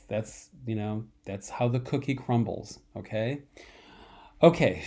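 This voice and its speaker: A man teaching a college math lecture in a slow, repetitive way, often clearing his throat and coughing from a dry throat. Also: mid-range voice, dark tone. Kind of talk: recorded online lecture.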